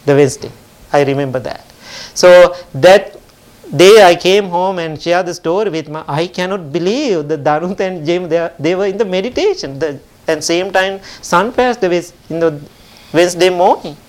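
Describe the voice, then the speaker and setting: A man gives a gentle sermon, telling a parable to grieving parents. His voice sits slightly high, and his phrasing is simple and unhurried. He speaks as a temple meditation teacher.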